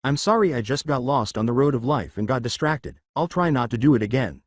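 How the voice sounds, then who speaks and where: A man reading the lines of a laid-back adult male ninja teacher in a fan story, calm and measured. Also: mid-range voice, no room sound, clean studio sound, natural voice.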